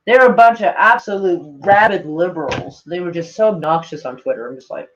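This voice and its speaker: A woman's voice: fairly low pitch, fairly quick, hardly any pauses, lo-fi sound. A woman live-streaming in a casual chat, reading tweets aloud to her viewers, swearing freely and laughing often.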